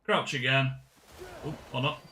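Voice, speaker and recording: Guy talking thru a game puzzle, bright sharp voice, keeps fixing his words as he goes. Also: mid-range voice, measured pace, a little hiss or hum. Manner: casual, chatty, self-correcting. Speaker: gaming channel host. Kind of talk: game walkthrough commentary.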